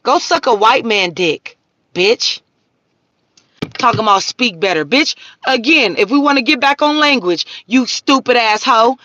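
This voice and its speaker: A woman's voice: on the high side, lively intonation, a little slow, sharp tone, dry recording, lo-fi sound. A woman, hosting a live stream and ranting profanely at her viewers. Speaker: livestream host.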